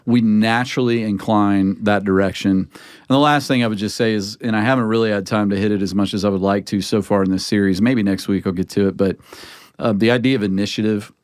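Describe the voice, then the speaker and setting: A pastor in a casual podcast conversation, talking earnestly and with emphatic, preaching-style rhythm. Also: male voice, lowish voice, fairly even intonation, fast talker, a little mellow, smooth, no room sound, studio quality.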